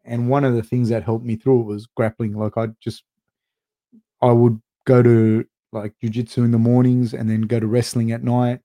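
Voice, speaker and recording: A middle-aged man runs a live fight recap show in a mid-range, dark-toned voice, flat in delivery and moderate in pace. He reads viewer comments out loud and replies in a rambling, profane, filler-heavy way.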